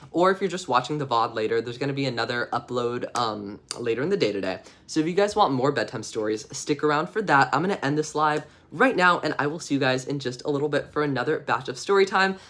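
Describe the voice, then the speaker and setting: A man's voice: mid-range voice, a bit bright. A man hosting a livestream, reading children's picture books aloud with playful, chatty asides to viewers. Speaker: streamer reading bedtime stories. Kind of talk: casual storybook reading on a livestream.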